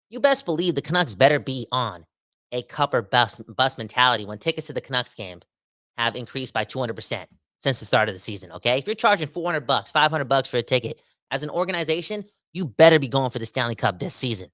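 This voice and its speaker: A Canadian man hosting a sports podcast solo, talking in an animated, slangy, emphatic way and repeating himself for effect. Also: medium pitch. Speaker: podcast host. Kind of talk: casual sports podcast rant.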